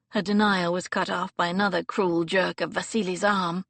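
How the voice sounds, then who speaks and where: A woman's voice: lowish voice, moderate pace, creaky, dry recording. Woman reading an audiobook, dry. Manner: expressive, dramatic reading. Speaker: audiobook narrator. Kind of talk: scripted narration. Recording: dry close studio recording.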